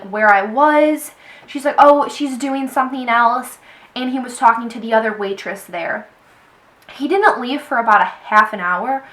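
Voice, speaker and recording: A young woman vlogger telling a personal story to the camera. She talks in an animated way and quotes people with "he's like.". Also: fairly high pitch, low-quality recording. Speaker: beauty vlogger. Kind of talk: storytime vlog.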